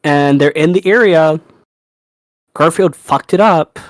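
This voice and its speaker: A young man co-hosting a podcast in casual chat, animated, laughing and swearing freely. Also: on the high side, slow pace, dry recording. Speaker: podcast co-host.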